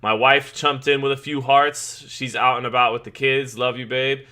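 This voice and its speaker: Hosting a live boxing watch party, a man in his thirties offers casual commentary, chatting away, greeting viewers in the chat, and restarting his sentences often. His medium-pitched voice is steady, bright, and forceful, at a normal speed.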